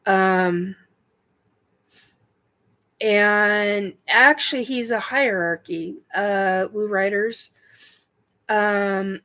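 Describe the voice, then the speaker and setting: A middle-aged woman hosting a spiritual livestream chat, talking in a halting way with many ums and self-corrections while she answers viewer questions. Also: medium pitch, fairly even intonation, fairly bright tone, poor audio.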